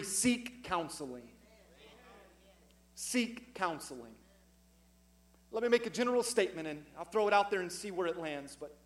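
High-voiced preaching pastor, emphatic. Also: male voice. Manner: emphatic preaching, rising loud on key points. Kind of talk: sermon. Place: church sanctuary with congregation.

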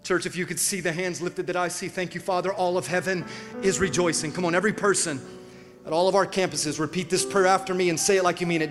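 A man's voice: sits high, fairly even intonation, quick pace, in a large hall, soft background music. A man, a pastor, preaching an urgent sermon and leading a repeat-after-me prayer in a large church. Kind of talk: sermon with altar call and prayer. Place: large church with several campuses.

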